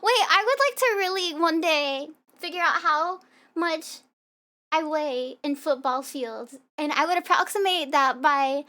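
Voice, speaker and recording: High-voiced giggly streamer woman. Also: unhurried, pushed and bright. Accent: Southern American. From United States. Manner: rambling, giggly, chatting with viewers. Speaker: VTuber streamer. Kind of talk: casual stream chat. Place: hot room at home. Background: faint background music.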